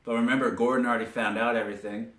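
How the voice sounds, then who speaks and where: A man's voice: mid-range voice, very fast. Man recapping a cartoon, echoey room. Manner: animated storyteller with frequent fillers. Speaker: cartoon episode reviewer. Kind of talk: casual spoken episode recap. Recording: roomy echo, distant from mic.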